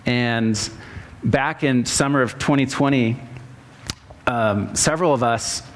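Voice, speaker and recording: A man's voice: mid-range voice, takes it slowly. A man, a pastor, speaking casually to his congregation before reading a sermon aloud with rising emphasis. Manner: conversational, with fillers, then reads a sermon in a rising, emphatic tone. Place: church sanctuary.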